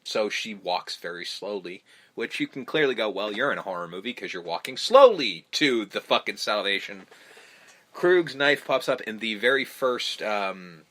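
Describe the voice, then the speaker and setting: A man's voice: lowish voice, big pitch swings, normal speed, fairly bright tone. A man hosting a podcast, recapping a film in casual, rambling chat full of ums, restarts and swearing. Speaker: podcast host.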